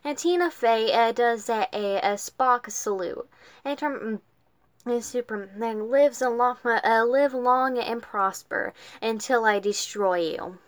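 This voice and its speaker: Woman reading a kids novel out loud, stumbles a lot, higher voice, dry sound. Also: dry recording. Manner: halting, many fillers and restarts. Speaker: reader.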